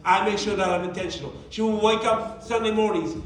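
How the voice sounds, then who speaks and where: A man's voice: high-pitched, fairly even intonation, a little fast, few pauses, slight background noise. A man presenting a motivational workshop to a live group, talking in a conversational, emphatic way and asking many rhetorical questions. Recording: echoey room, mic at a distance.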